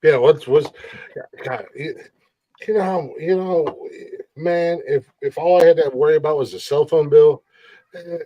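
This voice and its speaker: A man's voice: fairly high pitch, unhurried, no echo, highs cut off. A man co-hosting a casual podcast, backing up his friend with jokes and casual swearing. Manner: supportive, joking, swears casually. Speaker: podcast co-host. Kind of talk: casual chat.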